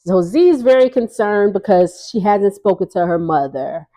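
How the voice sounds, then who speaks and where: A woman's voice: mid-range voice, animated, normal speed, mellow. Chatty, sassy woman recapping a reality show. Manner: chatty and sassy, laughs often, acts out quotes. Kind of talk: casual recap vlog.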